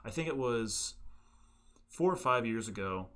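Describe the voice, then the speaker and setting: A man's voice: mid-range voice, expressive, measured pace, a bit bright. A man co-hosting a casual podcast, chatting animatedly and swearing as he reminisces about old video games. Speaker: podcast co-host. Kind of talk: casual chat.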